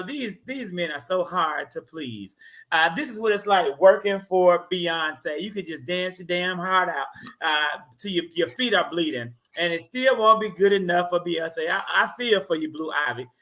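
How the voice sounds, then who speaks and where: Bright, high-voiced man hosting a talk show. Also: normal speed. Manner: animated, joking, teasing. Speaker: show host. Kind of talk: casual online talk show.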